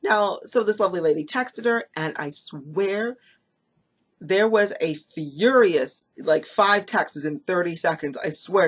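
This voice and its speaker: A woman with a slightly low-pitched voice talks casually to camera about her hair extension business. She tells stories in a loose, chatty way, full of ums and restarts, and acts out the people she quotes. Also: normal speed, husky. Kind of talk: casual talking-head vlog.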